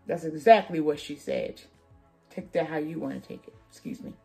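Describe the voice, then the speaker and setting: A woman's voice: low voice, normal speed, vocal fry, dark tone, soft background music. A woman beauty vlogger chatting through a wig tutorial, sassy and playful, joking with her viewers as she works.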